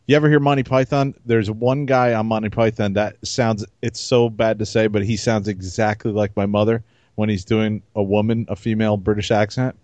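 A man's voice: fairly low pitch, flat delivery, moderate pace, darkish tone, no room sound. A man co-hosting a podcast, chatting and rambling into personal stories in a casual way. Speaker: podcast co-host.

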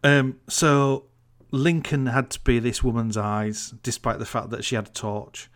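A man tells a story in a casual podcast chat, getting more and more incredulous. His voice sits at a middling pitch, and he swears freely as he rants. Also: fairly even intonation, unhurried, fairly bright tone.

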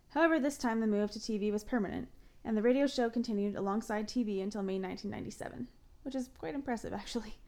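A chatty woman co-hosting a podcast, with a somewhat high voice. She reads from notes, then drifts into loose, giggly chat full of "like" and restarts. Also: a little mellow. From Ontario, Canada. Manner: chatty, laughs often, frequent "like" and self-corrections. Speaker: podcast co-host. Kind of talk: casual podcast chat mixed with reading notes.

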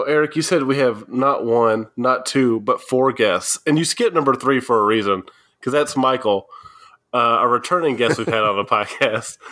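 A man's voice: mid-range voice, a bit bright. A man co-hosting a podcast panel, introducing guests with light jokes in casual chat. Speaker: podcast co-host.

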